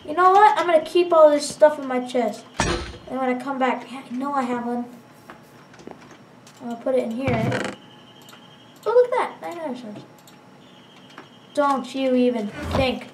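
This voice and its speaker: A woman commenting on her gameplay as she plays, excitable and quick to exclaim and shout reactions. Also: high voice, far from the mic. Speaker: let's play gamer. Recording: roomy, away from mic, noisy.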